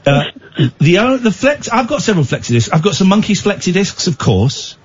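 A man hosting late-night talk radio, joking and chatty, tripping over his words as he goes. His voice is slightly husky and moves around a lot in pitch. The sound is dull and lo-fi, like an old broadcast. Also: a little fast. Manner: lively, joking, stumbling restarts. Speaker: radio host.

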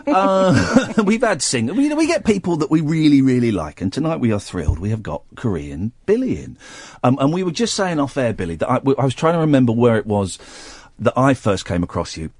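A man with a Southern English accent hosting a late-night radio show, playful and quick with asides. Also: medium pitch, big pitch swings, darkish tone, no echo, studio quality. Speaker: radio host. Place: radio studio.

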